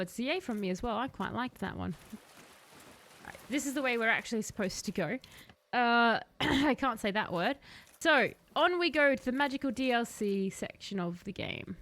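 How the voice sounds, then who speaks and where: A woman's voice: on the high side, fairly bright tone. A woman streaming a video game, chatting casually with her viewers and laughing often. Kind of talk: casual gaming live-stream commentary.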